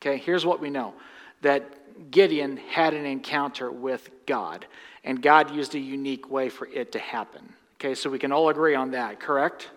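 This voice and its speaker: Bright-voiced pastor in an echoing church. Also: male voice, mid-range voice, normal speed. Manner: jokey, conversational asides to the congregation. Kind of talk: sermon with scripture reading and prayer. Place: church sanctuary. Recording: long church reverb.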